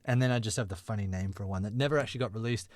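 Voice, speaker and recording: A man's voice: on the low side, very fast, a little mellow, no room sound, clean studio sound. A man hosting a casual podcast, playfully reading out movie quiz clues and synopses to his friends.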